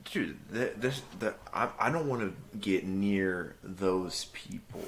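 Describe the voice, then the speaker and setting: A man's voice: low-pitched, takes it slowly. A young man co-hosting a podcast, chatting casually with blunt, dramatic refusals. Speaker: podcast co-host. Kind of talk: casual chat.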